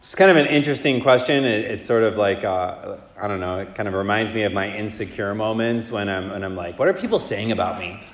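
A man's voice: on the low side, brisk, hardly any pauses. Male priest, laid-back chatty homily, reverberant church, long echo. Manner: casual, conversational preaching with many fillers. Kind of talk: gospel reading and homily.

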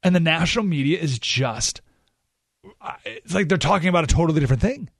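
A San Diego–area talk radio host speaks into a studio mic with a dry, close, slightly rough sound. His fairly high, creaky voice stays casual and emphatic in a conversational monologue. He slows almost to a crawl to drive a point home, then leaps up in pitch with animated outbursts.

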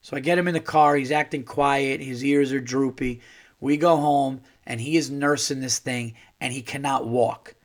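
A man's voice: mid-range voice, normal speed. A man hosting a podcast who tells a story in a casual monologue, ranting and swearing as he gets fired up. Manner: profane, animated ranting. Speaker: podcast host.

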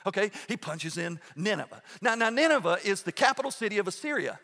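A man's voice: high-pitched, very animated, fast talker, pushed and bright, big-room sound. A male pastor preaching a sermon in a church in a conversational way, often checking in with "okay?" and restarting phrases. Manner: frequent restarts and repeated words. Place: church sanctuary.

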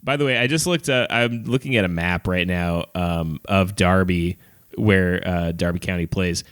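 A man's voice: moderate pace, smooth. A man co-hosting a podcast, joking through a casual film discussion and often breaking into laughter. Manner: animated, joking, bursts into high laughter. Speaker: podcast co-host.

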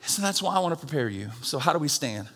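High, bright-voiced preacher. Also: male voice, big pitch swings, fast talker. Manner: swings from hushed teaching to shouted preaching, jokes with the congregation. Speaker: pastor. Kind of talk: sermon.

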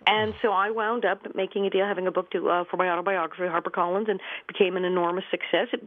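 A woman's voice: fairly low pitch, fairly even intonation, quick pace, no echo. A woman in her fifties, a guest actress and comedian, telling stories in a radio interview and laughing often. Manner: chatty storyteller, laughs often. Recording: phone-line call-in.

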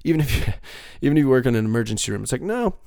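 Young male podcaster, gravelly, swears a lot, loose rambling chat, dry booth sound. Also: mid-range voice, very fast, a little mellow, no echo. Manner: rambling, profane, upbeat. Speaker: podcast host. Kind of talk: casual solo podcast monologue.

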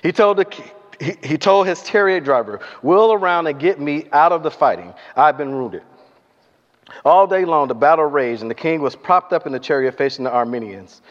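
A man's voice: a little high, normal speed. Preacher man in a reverberant hall. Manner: animated storytelling, acting out voices and asking the congregation questions. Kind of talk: sermon. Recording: dull lo-fi sound with long hall reverb.

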